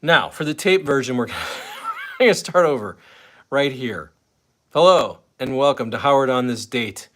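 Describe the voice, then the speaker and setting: This live stream host talks from his home at a moderate pace, his medium-pitched, somewhat bright voice full of lively intonation. He rambles casually with viewers and his dog, occasionally sounding winded.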